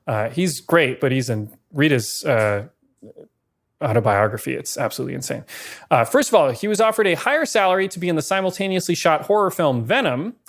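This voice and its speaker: A man co-hosting a podcast, briskly running through film production trivia with dry asides. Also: a little high. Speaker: podcast co-host. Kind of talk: casual film-history chat.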